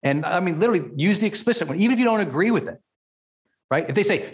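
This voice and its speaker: A man's voice: a little high, sing-song, fast. A man hosting a motivational podcast and teaching as a coach. He speaks emphatically, repeats key words and often checks in with "right?".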